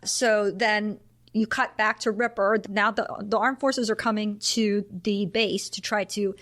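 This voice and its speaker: A woman hosting a podcast, chatting casually about a classic film, animated and laughing often. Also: medium pitch, unhurried. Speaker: podcast host.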